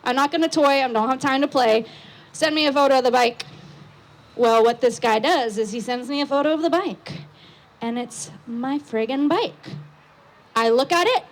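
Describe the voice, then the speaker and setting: A young woman on an outdoor patio stage, telling a story into a microphone, loud and excitable with lots of fillers. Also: high voice, moderate pace.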